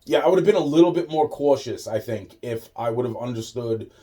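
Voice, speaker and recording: A man's voice: mid-range voice, animated, fairly quick, warm tone. A man telling a rambling personal story. He swears constantly, loses his thread and trails off into repeated fillers.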